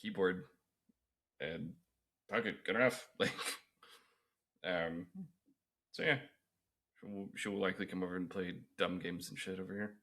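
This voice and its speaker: Rambling low-voiced young man. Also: moderate pace, long pauses, fairly bright tone. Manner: rambling, swears a lot, lots of fillers. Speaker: podcast co-host. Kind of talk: casual chat.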